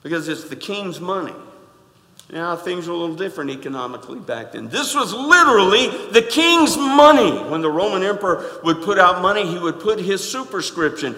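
A man's voice: high voice, animated, fairly quick. Folksy man preaching in an echoey hall. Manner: emphatic, folksy, swings from quiet asides to loud stresses. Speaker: pastor. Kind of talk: sermon. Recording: echoey hall with long reverb.

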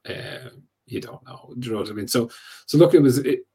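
A man's voice: mid-range voice, a little fast, vocal fry, mellow, breathy edge. A man hosting a casual podcast chat, rambling with restarts and often asking "do you know what I mean". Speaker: podcast host.

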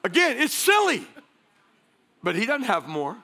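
A man preaching a passionate sermon in a church, shouting and laughing as he goes. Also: very high-pitched, wildly swooping pitch, a little slow, a little hiss or hum. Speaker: guest pastor. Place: large church sanctuary.

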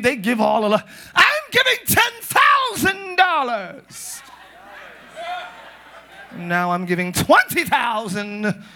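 High, lively preaching man in church. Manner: playful, shouting, mimics churchy prayer voices. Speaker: pastor. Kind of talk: comedic sermon to a live congregation. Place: church sanctuary.

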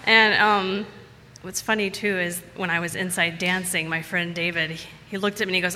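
A woman's voice: fairly low pitch, steady tone, moderate pace, pushed and bright, in a large hall. A woman telling a personal story to a live audience in a casual, chatty way, repeating words for emphasis.

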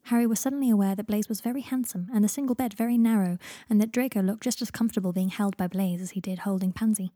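A woman narrating a fan fiction audiobook in an even, measured reading. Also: medium pitch, no echo, clean studio sound. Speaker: audiobook reader.

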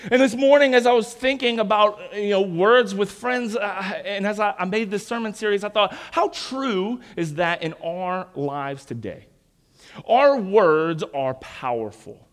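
A man's voice: high-pitched, a little slow, fairly bright tone. A man in his twenties preaching a sermon to a congregation, telling a personal story in a conversational way and asking the listeners questions. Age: 20s. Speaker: pastor.

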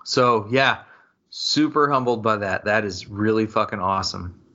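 A man co-hosting a podcast in loose, profane banter. His voice is bright and forward, and he laughs easily between remarks. The audio is dull and slightly lo-fi. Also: lowish voice, steady tone, measured pace. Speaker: podcast co-host. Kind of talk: casual podcast chat.

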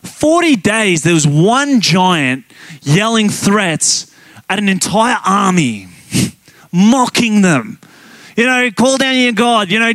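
A man preaches with a high, bright-sounding voice, animated and emphatic as he tells a story. He laughs often and presses his points hard. The sound is dry and close, with no room around it. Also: no room sound. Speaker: guest pastor. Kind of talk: sermon.

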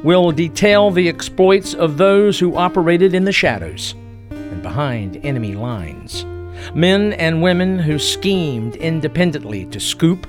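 A man narrating a scripted history story in a dramatic storytelling manner, slowing and dropping his voice for emphasis. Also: on the high side, animated, over music.

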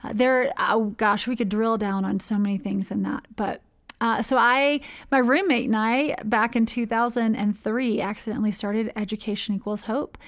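In a casual interview, an American woman with a slightly high voice describes founding her charity. Her tone is steady and her speed normal, but her chatty talk rambles, full of fillers and restarts.

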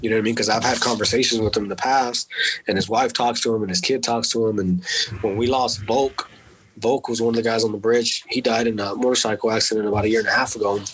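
A man's voice: fairly low pitch, fairly even intonation, fast talker, poor audio. A man and military veteran telling a personal story in a candid, casual way, swearing freely and dropping in words like "man" and "dude". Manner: candid and profane, with frequent fillers like "man" and "dude".

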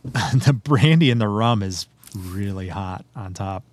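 A man's voice: fairly low pitch, measured pace, no echo. A man casually chatting through a beer tasting, describing it in detail and laughing often. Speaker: beer reviewer.

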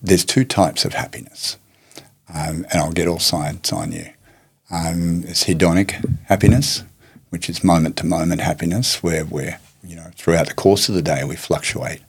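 Man, interview guest, low voice, husky, reflective storyteller. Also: steady tone. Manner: measured, reflective, acts out quoted speech. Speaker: guest, martial arts teacher and charity head.

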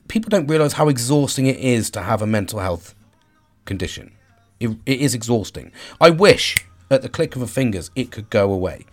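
A man in his forties speaking frankly about his own struggles, swearing freely, restarting sentences and searching for words. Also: mid-range voice. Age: 40s. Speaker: vlogger. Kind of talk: candid personal monologue.

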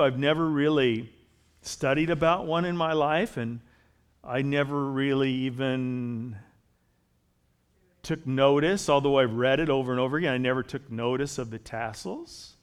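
A man's voice: fairly high pitch, smooth. A man preaching a sermon in a conversational way, growing emphatic as he reads and explains scripture. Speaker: pastor.

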